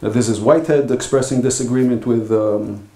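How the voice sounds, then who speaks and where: A man giving an academic philosophy talk at a conference, speaking in a halting, thoughtful way with frequent pauses. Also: medium pitch, fairly even intonation, dark tone. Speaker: philosophy lecturer. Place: lecture hall. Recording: echoey lecture hall.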